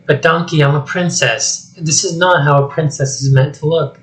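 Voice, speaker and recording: A man voicing a cursed young princess while reading a script aloud, speaking softly and pleadingly. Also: fairly high pitch, fairly even intonation, moderate pace, natural voice, poor audio. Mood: earnest. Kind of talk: solo script reading with voices.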